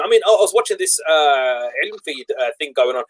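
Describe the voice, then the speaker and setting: Fast, high-voiced English man hosting. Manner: rambling, with many restarts and animated laughter. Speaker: show host. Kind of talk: casual debate chat.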